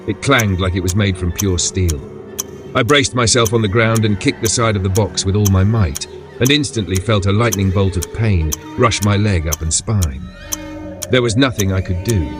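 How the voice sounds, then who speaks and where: A man narrating a horror story in the first person in a steady, measured way. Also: fairly low pitch. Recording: background music under voice.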